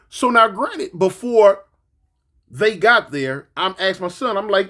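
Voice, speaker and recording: A man's voice: high voice, measured pace. A man in his forties, a grandfather, telling a story in a casual monologue and acting out the quotes. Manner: animated, acts out quotes, repeats words.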